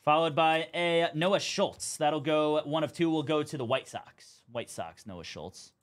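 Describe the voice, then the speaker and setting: A man's voice: fairly high pitch, unhurried. A young man hosting a live card break stream, chatting casually as he calls out cards and teams.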